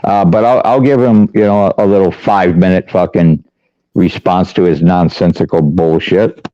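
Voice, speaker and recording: Man with a very low voice, blunt and profane, dry muffled call audio. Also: steady tone, moderate pace, mellow, dry recording. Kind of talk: casual chat.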